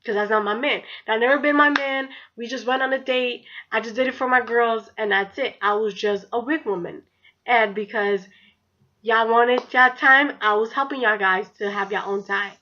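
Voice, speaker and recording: Young woman, storytime vlog, outspoken, sharp bright tone, slightly high voice, dull lo-fi sound. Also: normal speed. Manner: chatty, blunt, swears freely. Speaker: vlogger. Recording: dull lo-fi recording.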